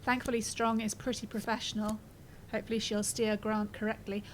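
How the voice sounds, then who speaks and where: A woman's voice: mid-range voice, little pitch movement, brisk, slight background noise, low-quality recording. Chatty woman streaming a game. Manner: chatty, reads game text aloud, swears and laughs freely. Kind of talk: casual gameplay commentary.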